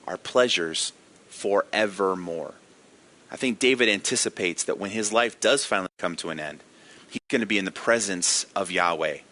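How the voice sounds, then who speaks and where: A man's voice: lowish voice, sharp tone. A man giving a daily devotional sermon as a pastor, earnest and emphatic, putting direct questions to his listeners.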